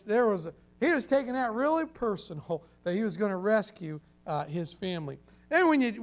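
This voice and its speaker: A pastor preaching a sermon in a folksy way, acting out quoted voices and often restarting his sentences. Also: sits high.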